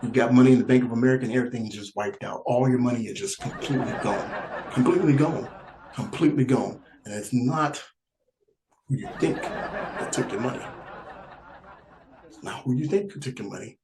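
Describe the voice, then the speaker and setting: A man's voice: medium pitch, brisk, long pauses, roomy sound, background noise. A man doing a stand-up comedy set, rambling and repeating himself and laughing through his lines.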